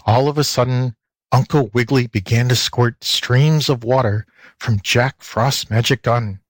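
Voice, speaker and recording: A man reading a children's storybook aloud, expressive and lilting, into a close mic. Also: medium pitch, measured pace, no room sound. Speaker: audiobook reader. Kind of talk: storybook narration.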